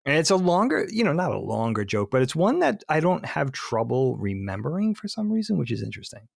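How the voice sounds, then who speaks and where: Man with a gravelly voice. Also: fairly high pitch, big pitch swings, fairly quick, no echo, clean studio sound. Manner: rambling, self-correcting storyteller. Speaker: podcast co-host. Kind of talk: casual chat, telling a long joke.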